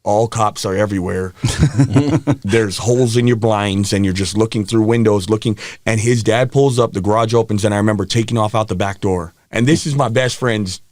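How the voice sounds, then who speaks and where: A man's voice: fairly low pitch, moderate pace, darkish tone, dry recording. A man, a podcast guest, telling his personal story in a frank, rambling way with frequent restarts.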